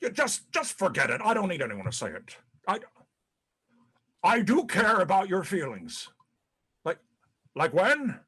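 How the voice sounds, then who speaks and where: A man's voice: sits high, wildly swooping pitch, unhurried, pauses often, a bit bright, husky, full character voice. An actor playing a disgraced, paranoid older male ex-president in a dramatic monologue, profane and rambling, stammering over repeated words. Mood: self-pitying, bitter.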